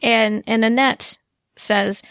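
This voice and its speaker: A woman co-hosting a podcast in casual chat, animated and quick to laugh. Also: a little high, no echo, clean studio sound. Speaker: podcast co-host.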